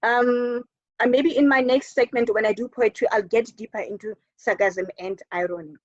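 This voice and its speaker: Delivering a recorded lesson, this South African English-accented woman teacher is emphatic, answers questions she poses herself, and repeats words to stress them. She speaks at a moderate pace with a fairly high pitch and a steady tone. There is no room sound, and the audio is dull, dry, and lo-fi.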